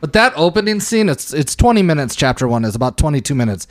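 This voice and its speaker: A man's voice: on the high side, very animated, fast, no room sound. A man co-hosting a casual movie podcast, making dry joking asides. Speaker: podcast co-host.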